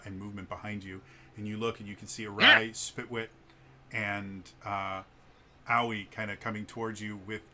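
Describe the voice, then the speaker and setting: Bright-voiced casual game master, man. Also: lowish voice, slight background noise. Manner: casual, with filler words and playful asides. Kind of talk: narrating a tabletop game.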